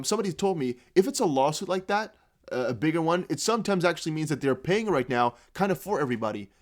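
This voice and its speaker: A young man whose first language is Dutch, hosting a casual crypto news video, reading posts aloud in a rambling, halting way with frequent restarts. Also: on the high side.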